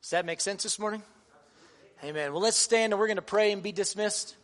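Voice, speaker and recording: A man's voice: sits high, fairly quick, fairly bright tone. A man in his thirties, a pastor giving a sermon to fathers, earnest and conversational with touches of humor.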